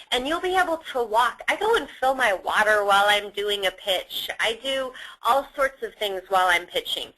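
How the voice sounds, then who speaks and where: A woman's voice: on the high side, sharp tone, low-quality recording. A woman giving a sales training lecture, explaining how to use tone and emphasis on the phone. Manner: instructive, demonstrates emphasis on example sentences.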